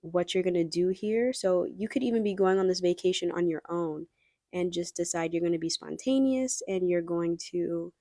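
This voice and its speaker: Low mellow woman, chatty tarot reader. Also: normal speed, no room sound, studio quality. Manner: chatty and rambling, addressing viewers directly. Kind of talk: casual pick-a-card tarot reading.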